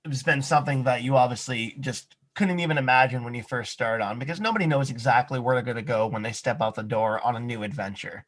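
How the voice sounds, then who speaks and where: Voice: mid-range voice, quick pace, hardly any pauses. A radio show host interviewing a guest, asking long, meandering, enthusiastic questions.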